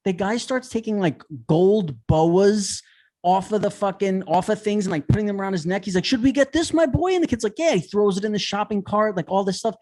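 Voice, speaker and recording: A man co-hosting a podcast, telling a story in an animated, ranting way with lots of swearing. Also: high voice, fairly quick. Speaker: podcast co-host. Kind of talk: casual chat.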